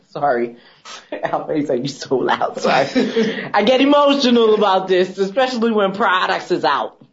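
A woman esthetician talking in an animated, emphatic, chatty way as a guest on a TV segment, on a dull lo-fi recording. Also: lowish voice. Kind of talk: casual TV chat.

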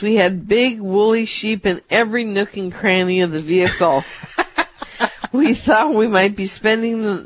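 A woman's voice: mid-range voice, dry recording. Woman reading a story aloud. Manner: measured storytelling. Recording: dull, dry.

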